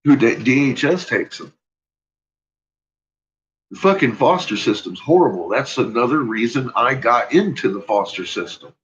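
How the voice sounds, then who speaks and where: A man's voice: mid-range voice, expressive, moderate pace, a bit bright, dull audio. A man casually telling a personal story, swearing freely and laughing often as he talks.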